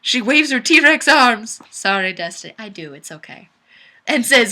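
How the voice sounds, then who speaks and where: Reading viewer comments aloud on her home webcam livestream, a young adult woman is giggly, bubbly, and jokingly hard on herself. She speaks in an unhurried, sing-song mid-range voice with a bright, forceful tone via the webcam mic.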